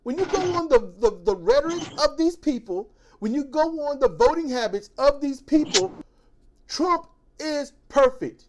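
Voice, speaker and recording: A woman's voice: sits high, lively intonation, normal speed, a little mellow, a little hiss or hum, rough recording. A woman in casual political discussion, ranting with animation and mimicking others.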